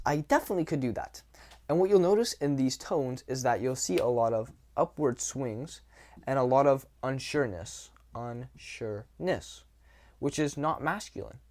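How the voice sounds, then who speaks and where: Young male dating coach, casual and blunt, middle pitch, acts out examples. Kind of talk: casual talking-head advice.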